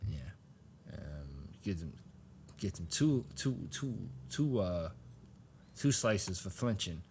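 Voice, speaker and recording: Low-voiced man recapping a story. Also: slow pace, slight background noise. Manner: animated, laughing, acts out character lines. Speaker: podcast co-host. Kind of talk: casual chat recapping a manga chapter.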